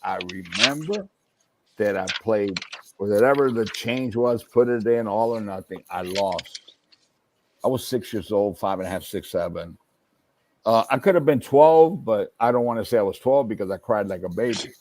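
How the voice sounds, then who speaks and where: A man from Cuba, a guest in casual chat, telling a story in an animated way with Spanish words mixed in. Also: lowish voice, normal speed, no room sound.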